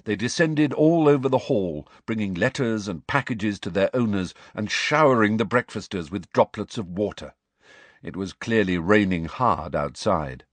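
Expressive male audiobook narrator. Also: on the low side, normal speed, no echo. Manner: expressive storybook reading, voicing each character. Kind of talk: scripted narration.

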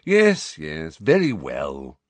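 A man's voice: rumbling low, huge pitch swings, slow pace, no room sound, pitched below the performer's own voice, exaggerated voice. A man reading an audiobook and voicing a reedy old wizard in a portrait who drawls in a bored, fake-weary way.

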